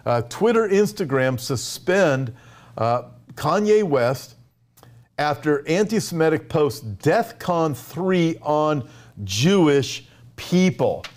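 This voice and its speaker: Animated pastor with a slightly high voice. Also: male voice, takes it slowly. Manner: conversational, animated retelling with asides. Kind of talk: sermon.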